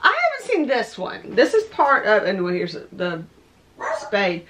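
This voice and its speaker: A woman with a voice going hoarse, rambling as she shows off her thrift finds at home. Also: medium pitch, huge pitch swings, measured pace, background noise. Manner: rambling, chatty, thinking aloud. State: losing her voice. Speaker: vlogger showing thrift finds. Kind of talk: casual show-and-tell chat. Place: home room with window open. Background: dogs barking.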